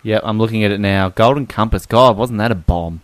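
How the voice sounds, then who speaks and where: A man co-hosting a podcast, chatting casually and jokily about films, with halting restarts. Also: fairly low pitch, no room sound. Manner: rambling, joking, halting restarts. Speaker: podcast co-host. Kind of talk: casual film chat.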